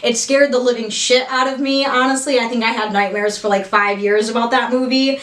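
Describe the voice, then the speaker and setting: Young woman vlogger, high-ish voice, gushing and excitable, roomy echo. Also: brisk. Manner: gushing, excitable, swears casually. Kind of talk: casual haul vlog. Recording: echoey room.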